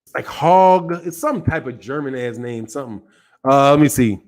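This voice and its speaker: A man's voice: mid-range voice, lively intonation, moderate pace, a little mellow. A man hosting a casual live stream, talking loosely and rambling, dropping slang like dog and man while he reads viewer chat. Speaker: boxing channel host.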